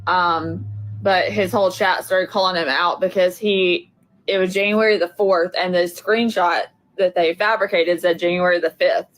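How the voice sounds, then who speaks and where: Low-voiced woman telling a story. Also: fairly even intonation, normal speed, a bit bright, low-quality recording. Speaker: panel guest. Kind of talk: casual chat.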